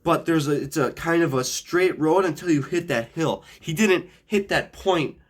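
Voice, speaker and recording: A man's voice: a little high, normal speed. A young man from the upper Midwest of the US, telling a casual anecdote in a rambling way, swearing often and restarting his sentences. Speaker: storyteller.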